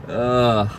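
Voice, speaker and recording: A man's voice: medium pitch, a little hiss or hum, rough recording. A man vlogging in a casual chat, rambling with lots of fillers and the odd swear word.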